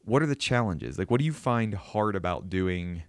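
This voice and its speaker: A man's voice: fairly low pitch, animated, moderate pace, clear, resonant tone, dry recording, clean studio sound. A man with a southwestern Pennsylvania accent, hosting a podcast interview in a loose, chatty way with many fillers. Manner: loose, filler-heavy questioning. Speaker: podcast host. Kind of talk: conversational interview.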